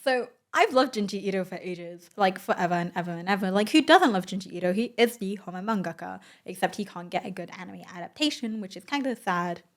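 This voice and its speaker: Young woman doing a chatty vlog voice-over, excitable, says "like" a lot, mid pitch. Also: brisk, few pauses. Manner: chatty and excitable, full of "like" and "oh my god". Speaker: vlogger. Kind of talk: casual voice-over storytelling.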